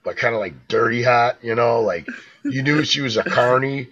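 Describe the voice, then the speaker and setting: A man's voice: medium pitch, normal speed, a bit bright, lo-fi sound. A man co-hosting a podcast, telling stories in a laid-back way, swearing and tossing in "man" and "dude". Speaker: podcast co-host. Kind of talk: casual chat, storytelling.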